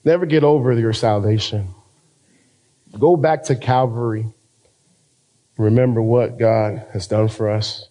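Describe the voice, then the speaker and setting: A man's voice: lowish voice, low-quality recording. Impassioned American male pastor preaching. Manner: impassioned preaching, rising to loud emphatic peaks; stretches key phrases slowly for emphasis. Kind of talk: sermon.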